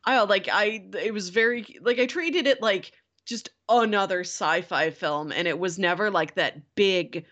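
A woman co-hosting a casual podcast chat, relaxed and filling her talk with "like". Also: medium pitch, unhurried, few pauses. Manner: relaxed, frequent "like" fillers. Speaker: podcast co-host.

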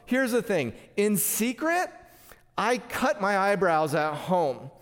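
A man's voice: sits high, sing-song, slow. A man preaching a sermon through a clip-on mic, telling a personal story with frequent stammering restarts. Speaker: pastor. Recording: long hall reverb.

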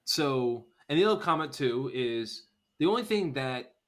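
A man co-hosting a podcast, talking in a loose, rambling way at an ordinary middle pitch. He keeps slipping into quick acted-out lines from the characters he describes. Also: lively intonation, fairly bright tone. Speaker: podcast co-host. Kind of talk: casual chat recapping a TV episode.

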